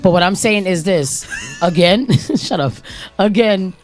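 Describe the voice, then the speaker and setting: Woman panelist, forceful debater, talks over others, faint music under the studio mix. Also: medium pitch, lively intonation, measured pace. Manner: emphatic, repeats herself, cuts others off. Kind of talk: heated live radio debate.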